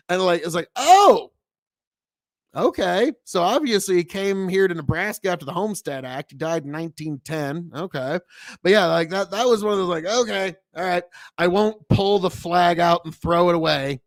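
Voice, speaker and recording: A man's voice: high-pitched, no room sound, studio quality. A man from the United States hosting a casual reaction show, talking in a rambling, profane way with many restarts. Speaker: host reacting to a video.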